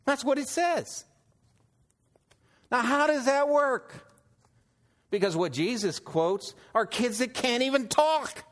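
A man preaching a sermon and reading scripture, unhurried, asking his listeners rhetorical questions. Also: very high voice, animated, a bit bright. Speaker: pastor.

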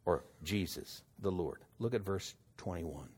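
A man preaching a sermon and reading scripture, unhurried, asking his listeners rhetorical questions. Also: sits low, lively intonation, a little mellow, slightly rough. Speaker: pastor.

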